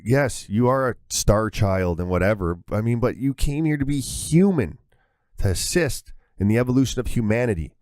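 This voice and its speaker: A man's voice: mid-range voice, expressive, moderate pace, a little mellow, dry recording, studio quality. A man speaking as a spiritual guide in a casual talk, earnest and instructive, often repeating words.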